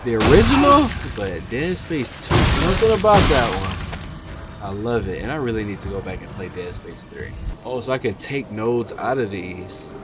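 A man's voice: fairly low pitch, moderate pace. A man giving casual let's play commentary on a horror game, cursing and yelping whenever something startles him. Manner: excitable, yelps and curses when startled. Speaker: gaming streamer. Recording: loud music under the voice.

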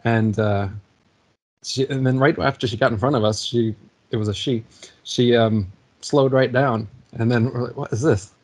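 Husky forties man, mid-pitch, animated storyteller who laughs through his anecdotes. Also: normal speed. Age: 40s. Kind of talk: casual conversation, storytelling.

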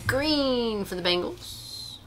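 A woman hosting a live trading card break, reading out each pull in a steady rundown and gasping and squealing over the good ones. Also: a little high, takes it slowly, soft background music. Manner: reads out names in a steady rundown. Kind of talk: live stream commentary.

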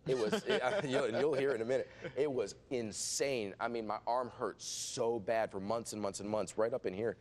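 A middle-aged pastor recounts a dramatic testimony as an interview guest. His voice sits at an ordinary male pitch, and he talks excitably, restarting phrases and acting out the voices he quotes. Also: moderate pace, hardly any pauses. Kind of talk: animated storytelling testimony.

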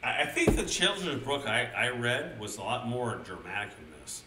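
A man's voice: mid-range voice, big pitch swings, moderate pace, sharp tone, distant mic, a little hiss or hum. A man reading a children's picture book aloud to his stream chat, swearing often and riffing on the story with gamer slang. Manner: crude, rambling, swears a lot, mixes gamer slang into the story. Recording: roomy echo, speaker drifting from mic.

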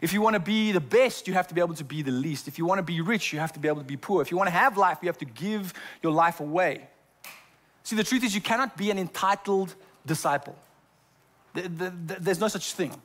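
A man's voice: sits high, quick pace, a bit bright. A man preaching a sermon as pastor in a church, often stumbling over repeated words as he talks. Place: church sanctuary.

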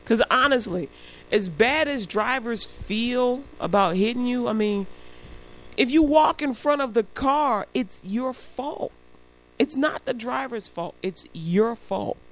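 A woman's voice: a little high, a little slow. A woman radio host telling a story in a casual on-air monologue. She acts out the voices of the people in it and laughs often between remarks. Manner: animated storyteller acting out quoted voices. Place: radio studio.

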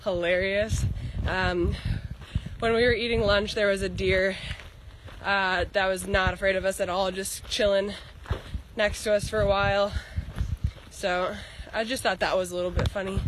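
A young woman on a hiking trail, a long-distance hiker vlogger, speaks at a moderate pace in a medium-pitched, flat voice. She sounds congested and scratchy-throated as she chats casually and rambles with lots of fillers.

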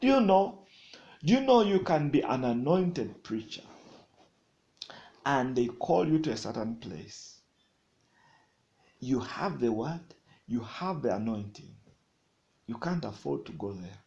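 A man preaching a sermon, swinging between loud declarations and quiet, chuckling asides. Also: mid-range voice, sing-song, measured pace, long pauses, muffled recording.

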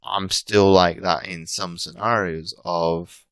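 A man's voice: low voice, steady tone, slow pace, a bit bright, no echo. A British man in his thirties chatting casually as an interview guest, talking in loose, rambling sentences full of restarts and self-corrections. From Britain. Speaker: podcast guest, coach.

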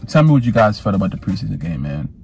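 A man vlogging as a sports fan in a casual rant, animated, repeating and stumbling over his words. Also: lowish voice, racing, vocal fry, faint music behind. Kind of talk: casual ranting vlog.

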